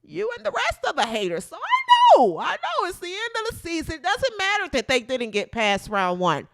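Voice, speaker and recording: A woman's voice: extremely high pitch, huge pitch swings, a little fast, vocal fry, a bit bright. A woman hosting a comedic sports podcast, sassy and emphatic, calling people out directly. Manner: sassy, emphatic, talks straight at the person she criticizes. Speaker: podcast host.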